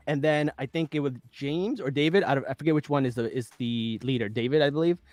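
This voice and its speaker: A man's voice: medium pitch, fast, few pauses, a little mellow, dry recording. A man hosting a podcast, chatting casually and laughing often as he recaps an episode. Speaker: podcast host.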